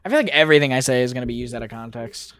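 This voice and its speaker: A young American man chats casually on a gaming stream, rambling and joking as he answers his chat. His medium-pitched voice has lively intonation and a rapid-fire delivery. Loud keyboard typing and mouse clicks sit over slight background noise.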